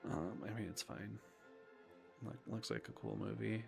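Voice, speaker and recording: A man's voice: on the low side, fairly even intonation, a little slow, creaky, soft background music. A young man hosting a live stream, chatting casually about movies in a rambling way, with lots of ums and half-finished thoughts. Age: young adult.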